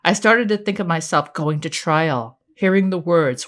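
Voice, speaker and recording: Bright, animated woman audiobook narrator. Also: lowish voice, moderate pace, hardly any pauses. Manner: expressive, animated storytelling. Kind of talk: first-person audiobook narration.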